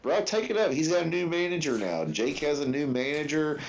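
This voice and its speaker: A man's voice: a little high, expressive, fairly quick, over a noisy crowd. A man hosting a livestream watch-along, chatting casually in a rambling, profane way with lots of fillers. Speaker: livestream host.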